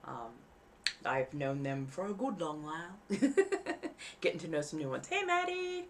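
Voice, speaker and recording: A woman's voice: sits low, sing-song, measured pace, slight background noise. A woman hosting a live stream in casual chat, rambling easily and enunciating carefully around costume fangs. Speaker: livestream host.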